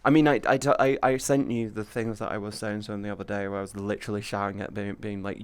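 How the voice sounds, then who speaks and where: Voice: low voice, level tone, quick pace, hardly any pauses, clean tone. A streamer in casual livestream chat, talking animatedly, swearing freely and often restarting sentences.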